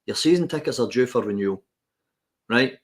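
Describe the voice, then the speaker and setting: A man's voice: medium pitch, animated, fairly quick. A man with a Scottish accent, co-hosting a podcast and ranting with passion in casual chat. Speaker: podcast co-host.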